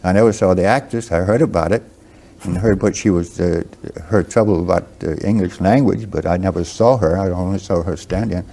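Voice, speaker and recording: A man in his seventies with a Southern American accent, a guest writer speaking slowly and haltingly in an interview, with many pauses and restarts. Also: sits low, creaky, warm tone. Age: 70s.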